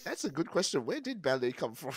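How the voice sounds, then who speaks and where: A man's voice: fairly high pitch, big pitch swings, fast talker, slightly rough, dry recording, studio quality. A man in casual chat, telling stories, swearing casually and laughing often.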